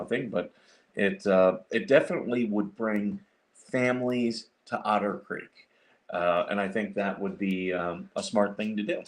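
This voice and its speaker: Rambling low-voiced man chatting on livestream. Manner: rambling, with many fillers and restarts while working on a computer. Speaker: livestream host. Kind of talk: casual livestream chat.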